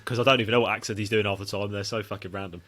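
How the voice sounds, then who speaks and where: A man's voice: lowish voice, fairly even intonation, rapid-fire, fairly bright tone. A man co-hosting a podcast, teasing the others and swearing casually. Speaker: podcast co-host. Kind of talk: casual chat.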